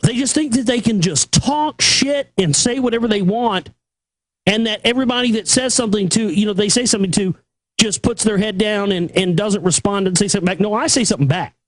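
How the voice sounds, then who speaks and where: A male talk show host delivering an angry, profane rant that keeps building toward shouting. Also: sits high, fairly quick, dry recording. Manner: aggressive, profane, escalating to shouting.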